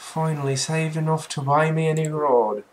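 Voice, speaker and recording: A man's voice: on the high side, fairly even intonation, moderate pace, a little hiss or hum, pitched above the performer's own voice, close to an everyday voice. A man voicing a jolly older male fisherman shopkeeper with a put-on Irish accent and hearty, folksy manner. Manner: hearty folksy sailor talk.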